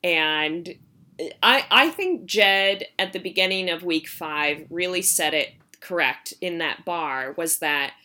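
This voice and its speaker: A woman co-hosting a podcast, chatting casually and animatedly in a quick recap. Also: on the low side. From United States. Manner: animated, quick reactions, lots of "like". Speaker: podcast co-host.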